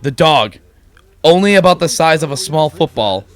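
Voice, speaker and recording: A young man hosting a let's play, telling a rambling, giggly story in a playful, animated way. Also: fairly high pitch, moderate pace.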